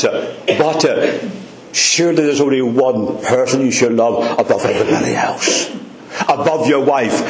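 A man preaching a sermon, addressing the congregation by name with fervent, repeated emphasis. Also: medium pitch. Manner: speaks directly to congregation members by name. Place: church hall before a congregation. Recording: roomy hall echo.

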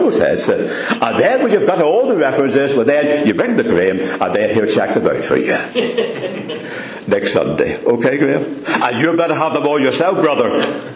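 A man preaching a sermon, emphatic and repeating his questions, with gently humorous asides. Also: fairly low pitch. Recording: echoey church room.

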